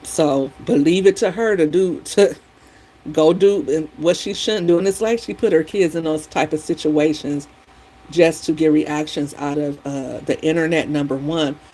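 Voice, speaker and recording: A woman vlogger in a casual chat while doing her hair, retelling things in a rambling, opinionated, animated way. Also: deep voice, measured pace, low-quality recording.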